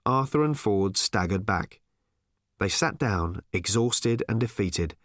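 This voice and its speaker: A man reading a comic novel aloud as an audiobook narrator, expressive and wry. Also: fairly low pitch, no room sound, clean studio sound. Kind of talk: scripted narration.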